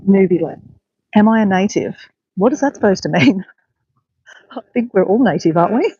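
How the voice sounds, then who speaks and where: A woman's voice: medium pitch, lively intonation, normal speed, warm tone, husky, dry recording, muffled recording. A woman hosting a casual live stream outdoors by a bay, chatting to viewers in an upbeat way. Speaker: livestream host. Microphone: handheld phone.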